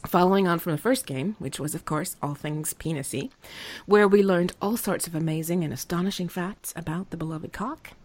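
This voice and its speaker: A woman's voice: on the low side, a little fast. A woman hosting a playful comedy podcast quiz, joking and laughing as she runs the game. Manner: playful, giggly, lively. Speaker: quiz host. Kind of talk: casual comedic podcast chat.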